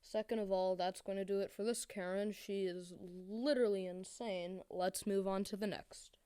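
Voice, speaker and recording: A woman with a smooth, clear, mid-pitched voice reacts to clips in a sarcastic, exasperated ramble full of fillers. She sounds mocking and quick to pile on. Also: steady tone, mellow. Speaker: commentary video host.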